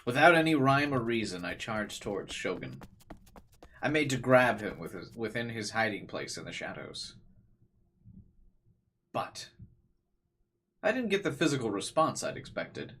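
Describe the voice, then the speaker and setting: A man's voice: medium pitch, sing-song, unhurried, long pauses, pushed and bright, breathy edge, full character voice. Man reading as a frightened teenage boy. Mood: grim. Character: frightened teenage boy narrating his ordeal.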